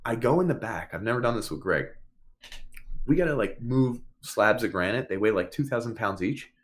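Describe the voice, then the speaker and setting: A man's voice: fairly low pitch, normal speed. A man co-hosting a podcast, telling a long story in casual chat, acting out what people said and swearing freely. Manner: animated, swears casually, acts out quotes. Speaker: podcast co-host.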